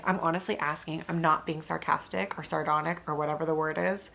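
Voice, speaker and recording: A woman's voice: fairly low pitch, moderate pace, creaky, a bit bright. A young woman, a new mother, chatting candidly in a casual vlog, full of fillers and the odd swear word.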